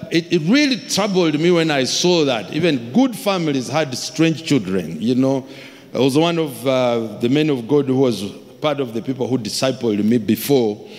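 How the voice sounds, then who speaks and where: A man preaching a sermon as a pastor, telling stories with acted-out voices and sudden shouts. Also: medium pitch. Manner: animated storytelling, acts out voices, shouts for emphasis. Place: large church hall. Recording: long hall reverb.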